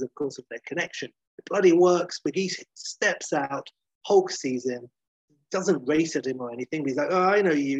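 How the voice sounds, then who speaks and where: A man retelling a story at length in a casual, lively way, swearing now and then and acting out the characters' lines. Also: on the high side, husky, dry recording. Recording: dull muffled lo-fi sound.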